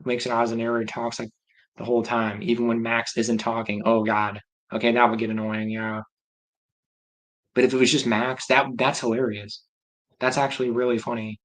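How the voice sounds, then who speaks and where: A man's voice: mid-range voice, little pitch movement, a little fast, fairly bright tone, low-quality recording. A man hosting a livestream, chatting casually and rambling as he reacts aloud to viewer comments. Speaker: livestream host.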